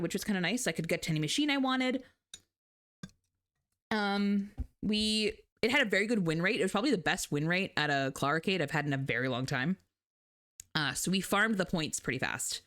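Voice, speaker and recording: A woman streamer in a chatty, animated casual talk, laughing often. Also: mid-range voice. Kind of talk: casual chat.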